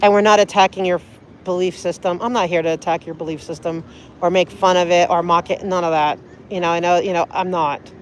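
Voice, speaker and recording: A woman's voice: fairly low pitch, fairly even intonation, a little fast, slight background noise. A woman livestreaming outdoors on a city street, talking in an earnest, pleading, rambling way. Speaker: livestreaming auditor.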